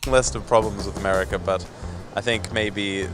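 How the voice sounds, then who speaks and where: An Australian man giving measured, explanatory commentary. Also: fairly low pitch, steady tone. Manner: thoughtful, explanatory. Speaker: video presenter. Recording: background music bed.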